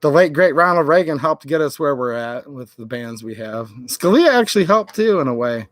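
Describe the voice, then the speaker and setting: A man's voice: fairly high pitch, animated, moderate pace, no room sound. A man from Michigan ranting sarcastically on a late-night political livestream. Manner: ranting, sarcastic, mocks senators in quoted voices. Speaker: political YouTuber.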